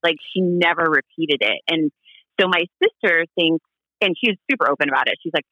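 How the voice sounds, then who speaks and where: A man from Hawaii, a podcast guest, telling family stories in a casual interview, animated and laughing, acting out quoted voices. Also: a little high, brisk, no echo, lo-fi sound.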